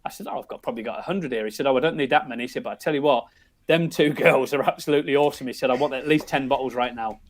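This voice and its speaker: A man's voice: medium pitch, racing. A middle-aged man with an English accent, a podcast guest telling family stories in a loose, rambling way full of restarts. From England. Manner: rambling, many restarts and "you know"s. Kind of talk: casual storytelling.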